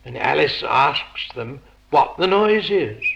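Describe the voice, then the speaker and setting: A man giving a philosophical lecture, measured and posing rhetorical questions to his listeners. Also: medium pitch, big pitch swings, vocal fry, a bit bright, muffled recording.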